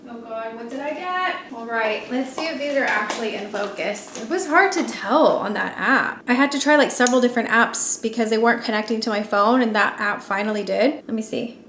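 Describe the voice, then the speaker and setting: A young woman vlogging casually at home, chatty and self-narrating, at times bursting into high excited squeals. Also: fairly quick, hardly any pauses, slight background noise. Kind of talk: casual vlog chat. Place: home living room with Christmas tree.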